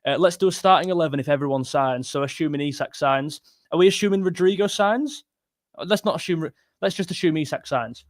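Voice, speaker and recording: A young man talks through his picks on a live stream, quick and opinionated, restarting sentences as he goes. His voice sits a little higher than most men's and is recorded close and dry, with no room sound around it. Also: no echo. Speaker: football channel host. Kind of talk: live-stream chat reading super chats.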